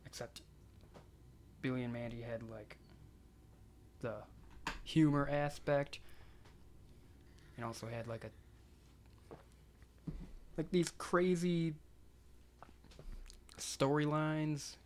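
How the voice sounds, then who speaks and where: A man's voice: on the high side, extremely slow, long pauses, darkish tone, slight background noise. A young man co-hosting a podcast, talking in a laid-back, rambling way with lots of filler words and casual swearing. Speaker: podcast co-host. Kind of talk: casual chat.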